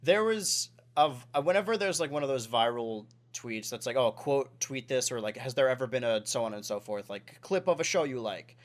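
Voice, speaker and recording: A man's voice: mid-range voice, expressive, normal speed, hardly any pauses. Rambling man hosting a casual podcast. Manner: rambling, self-correcting, lots of "like". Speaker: podcast host.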